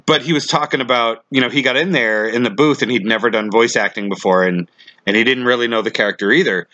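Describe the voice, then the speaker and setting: Male podcast host, forceful bright tone, dry close sound, animated rambling storyteller. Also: mid-range voice, quick pace, dry recording, dull audio. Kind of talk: casual interview chat.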